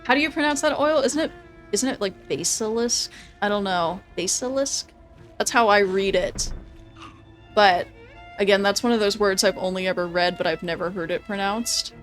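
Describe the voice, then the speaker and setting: A woman's voice: medium pitch, moderate pace, faint music behind. Chatty woman streaming a game. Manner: chatty, laughs often, swears casually; thinks out loud through tactics. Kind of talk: casual gameplay commentary.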